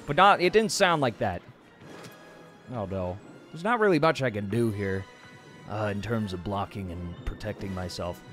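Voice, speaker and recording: A man streaming a shooter game, excitably exclaiming and chatting with his viewers. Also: on the low side, moderate pace, soft background music. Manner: excitable, exclaiming, talks to chat. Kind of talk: casual gameplay livestream commentary.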